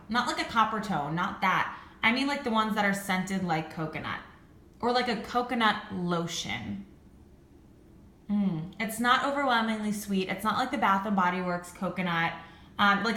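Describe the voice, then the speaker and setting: Gushing young woman, bright echoey voice. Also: medium pitch. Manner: gushing, excitable, heavy "like" filler. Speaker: beauty and candle vlogger. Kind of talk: casual product review.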